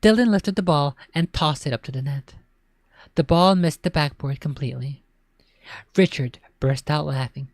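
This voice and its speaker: A woman's voice: deep voice, normal speed, no room sound, clean studio sound. A woman reading a spooky children's story aloud, with casual asides in between. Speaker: storybook reader.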